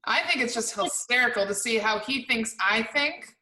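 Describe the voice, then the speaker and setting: A woman's voice: on the high side, normal speed, pushed and bright. A woman co-hosting a podcast over a video call, chatting casually and bursting into laughter often. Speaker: podcast co-host. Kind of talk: casual chat. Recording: roomy video call audio.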